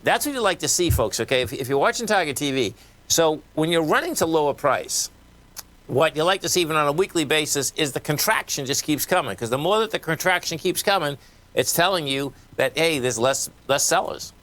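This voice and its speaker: A man's voice: fairly high pitch, animated, a little fast, a bit bright. A man with a Boston accent hosting a live radio market show, talking casually and folksily as he reads numbers off charts. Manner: casual, folksy, talks while reading charts.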